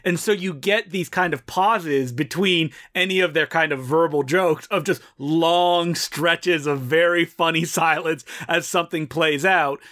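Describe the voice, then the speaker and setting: A man's voice: on the high side, unhurried, few pauses, pushed and bright. A man co-hosting a podcast, chatting casually about old films and often laughing as he talks. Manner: laughs often while talking. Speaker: podcast co-host. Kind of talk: casual film discussion.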